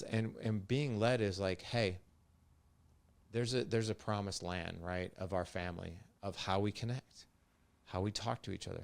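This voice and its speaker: A man's voice: deep voice, vocal fry. A man in his late forties, a podcast guest, speaking directly and emphatically, often repeating himself as he makes a point. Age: 40s. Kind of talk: direct conversational talk.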